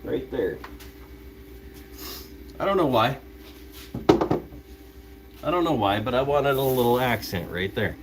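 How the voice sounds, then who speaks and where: A man's voice: medium pitch, lively intonation, reverberant. A man chatting casually and muttering to himself while he sands a piece on a lathe during a live stream. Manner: slow, rambling, self-deprecating muttering while sanding. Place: woodworking shop. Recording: live stream with shop noise behind.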